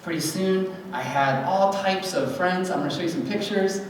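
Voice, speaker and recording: A man giving a personal testimony at a church gathering, telling his story in an animated way and acting out voices. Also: sits high, moderate pace, a little hiss or hum. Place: church hall event. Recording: echoey hall recorded from far off.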